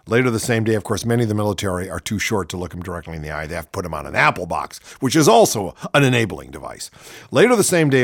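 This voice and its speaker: Guy reading from a book, keeps cutting in with snarky jokes, dry mic, mid pitch. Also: no room sound. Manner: sarcastic, mocking asides. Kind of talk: reading a book aloud with commentary.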